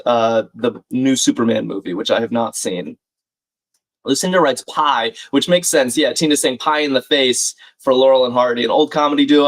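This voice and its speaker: A man hosting a live crossword-solving stream, chatting casually, thinking aloud and reading out viewer comments. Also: mid-range voice. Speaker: livestream crossword host. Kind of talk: live puzzle-solving chat.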